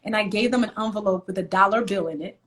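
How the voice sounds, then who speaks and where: Talking fast in a mid-range, fairly bright voice, a woman from Nigeria is a guest on a live video call. She chats casually and tells stories from her life, vividly performing her own past lines.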